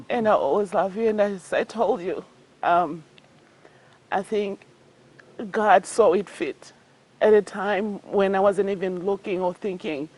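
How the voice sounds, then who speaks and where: Soft-spoken woman guest, laughing easily. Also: mid-range voice.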